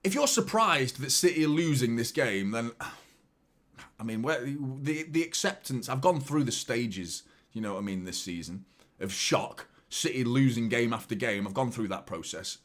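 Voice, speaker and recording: A man's voice: medium pitch, normal speed. A young man hosting a live football watchalong, rambling and swearing as he reacts to the match and chats to viewers. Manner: swearing, excitable, rambling with repeated words.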